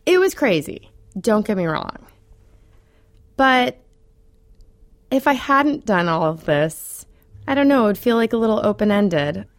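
A woman telling a personal story in a radio interview, chatty and animated, with many fillers and frequent laughs. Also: mid-range voice, measured pace, long pauses, dry recording.

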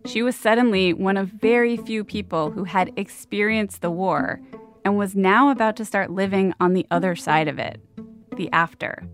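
A woman hosting and narrating a documentary program in a measured, calm way. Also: medium pitch. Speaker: host and narrator.

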